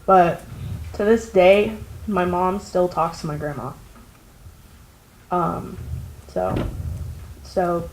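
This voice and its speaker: A teenage girl tells a personal story on a school stage, speaking slowly and haltingly. She often pauses and restarts, her voice subdued and quiet. The sound is roomy, with a hall echo and faint room noise behind her. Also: lowish voice. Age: teens. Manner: halting and hesitant, with many ums and restarts. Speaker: student storyteller. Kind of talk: personal story at a live story slam.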